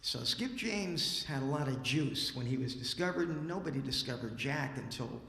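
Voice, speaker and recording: A man telling a story on stage at a library event, lively and casual, acting out the dialogue. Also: mid-range voice, normal speed. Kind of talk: animated live storytelling. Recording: roomy hall with long reverb.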